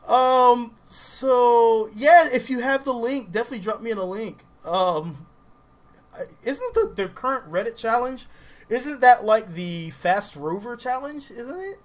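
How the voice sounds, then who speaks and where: A Southern US man with a very high, animated voice livestreams himself playing a game. He comments casually at an unhurried pace, laughing often and greeting viewers in chat.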